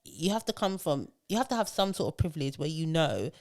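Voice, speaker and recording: A woman co-hosting a casual podcast, talking in an animated way and slipping into mock posh voices. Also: sits low, fairly quick. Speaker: podcast co-host. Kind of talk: casual chat.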